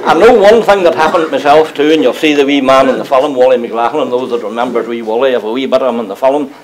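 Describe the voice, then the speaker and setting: A man's voice: mid-range voice, quick pace, a little hiss or hum, low-quality recording. Older Northern Irish man spinning yarns. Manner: humorous, chuckling as he tells yarns. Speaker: local speaker recalling mill days. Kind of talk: anecdotal storytelling to an audience. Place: community gathering before a live audience.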